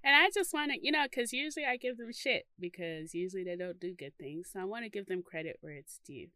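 A woman's voice: medium pitch, animated, fast, pushed and bright, dry recording, clean studio sound. A woman co-hosting a podcast in casual chat, talking loosely with lots of fillers and casual swearing. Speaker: podcast co-host.

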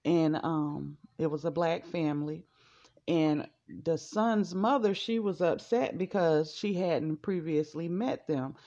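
On a podcast, a woman co-host chats casually in a low, dark voice, taking her time. She sounds reflective and often restarts her sentences, and the audio is dull and lo-fi.

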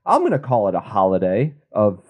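A man's voice: fairly low pitch, huge pitch swings, a little fast, phone-quality sound. Laid-back joking male co-host. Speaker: podcast co-host. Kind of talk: casual chat.

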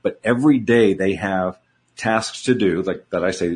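Earnest low-voiced man explaining. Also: moderate pace, darkish tone. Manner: earnest, explanatory, repeats key words. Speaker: guest, transformation coach. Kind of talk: conversational interview.

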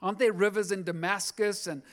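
A man's voice: high-pitched, fairly even intonation, fairly quick, fairly bright tone. A man voicing a proud foreign commander who complains he was slighted. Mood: offended. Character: proud, offended foreign army commander, male.

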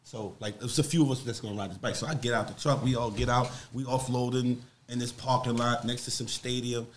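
A man's voice: mid-range voice, a little fast, a little hiss or hum. A man from Harlem with a New York accent, a podcast guest telling rambling, profane stories in casual chat. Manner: animated, profane, rambling storyteller.

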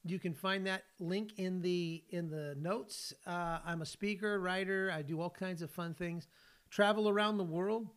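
High-voiced older man hosting a faith podcast. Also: steady tone, measured pace, a bit bright, clear, resonant tone. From California. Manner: earnest, folksy storyteller. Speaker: podcast host and ministry leader. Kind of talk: faith podcast monologue with personal stories.

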